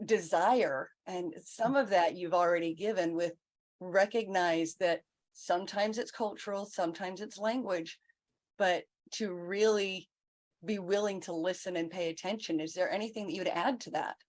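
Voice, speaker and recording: A woman hosts a conversational interview with a slightly low voice. She encourages her guest and chimes in with brief affirmations while the guest talks. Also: normal speed. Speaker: podcast host.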